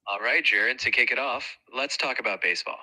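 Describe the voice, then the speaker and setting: A man's voice: mid-range voice, fairly quick, sharp tone, rough recording. A synthetic male assistant voice acting as co-host, upbeat, eager and agreeable in its replies. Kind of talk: scripted-sounding assistant replies.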